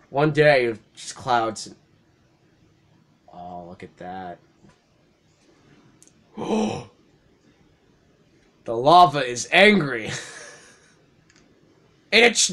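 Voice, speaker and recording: Young man, let's play commentator, higher-pitched voice, profane, excitable, laughs a lot. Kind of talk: casual game commentary.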